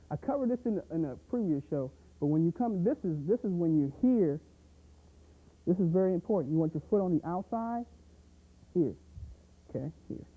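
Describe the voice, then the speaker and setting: A man coaching boxing technique in an energetic, punchy way, full of sound effects and repeated catchphrases. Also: high voice. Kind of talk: instructional pad-work demo. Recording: tinny, phone-like audio.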